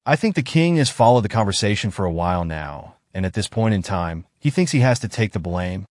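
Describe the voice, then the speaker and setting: A man's voice: on the low side, sing-song, fairly quick, dry recording, studio quality. A man giving emphatic, lecturing news commentary to his online audience.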